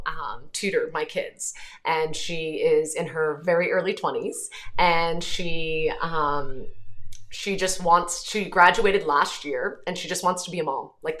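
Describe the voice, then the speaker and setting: Irish woman in her thirties, lowish voice, earnest conversational host, casual livestream chat, unhurried pauses. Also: a bit bright.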